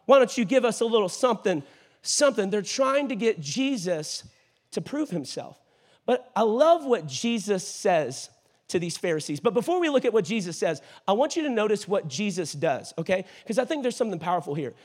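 A man preaching a sermon in a church, animated and jokey, using playful voices for the characters in scripture. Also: high-pitched, normal speed. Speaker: pastor. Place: church auditorium.

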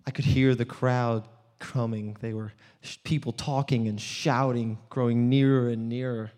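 A man's voice: medium pitch, fairly even intonation, unhurried, lightly acted. A man playing a blind, earnest beggar in a reverberant church hall. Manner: earnest storytelling, swinging from hushed to loud. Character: blind male beggar, adult, earnest and desperate. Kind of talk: dramatic first-person monologue.

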